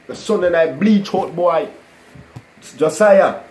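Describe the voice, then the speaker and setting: A man telling a personal testimony to a live online audience, animated and full of "guys" and "you know". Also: on the high side, takes it slowly, a little hiss or hum, poor audio. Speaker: livestream host telling his testimony.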